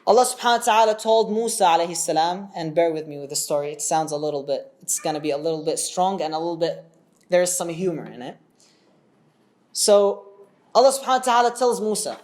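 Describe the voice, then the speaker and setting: Casual, animated male religious storyteller; chats with the audience as he goes. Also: high voice, fast. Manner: animated, chatty, asks the audience questions.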